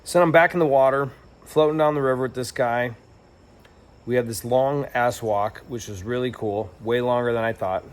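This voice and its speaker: A man's voice: medium pitch, steady tone, normal speed. A young man telling a travel story in a casual, rambling and reflective way, with lots of fillers and restarts. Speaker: travel vlogger.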